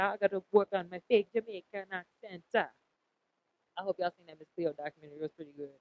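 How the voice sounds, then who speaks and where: A woman in her late thirties hosting a podcast, giving a casual tarot reading in a blunt, profane and animated way, often repeating herself. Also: mid-range voice, brisk. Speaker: podcast host. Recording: dull lo-fi recording.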